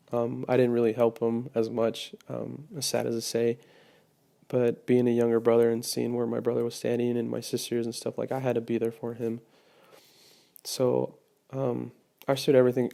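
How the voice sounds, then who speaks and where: Young guy telling his faith story, kinda gravelly low voice, lots of ums. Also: mellow. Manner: hesitant, many fillers and restarts. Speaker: testimony speaker. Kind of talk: personal testimony.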